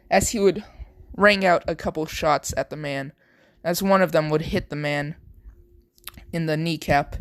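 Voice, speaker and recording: Amateur storyteller, mid-pitched, improvising an action tale with frequent restarts; dry, close recording. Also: dry recording. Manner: halting, with frequent restarts and self-corrections; strings events together with repeated "would" and "as". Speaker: fan fiction storyteller.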